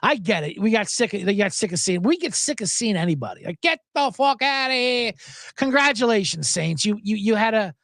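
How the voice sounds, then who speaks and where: A man's voice: high voice, sing-song, brisk, fairly bright tone, no echo, studio quality. A man hosting a sports betting podcast, rambling and joking profanely in a casual monologue. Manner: profane, joking, rambling, breaks into mock impressions.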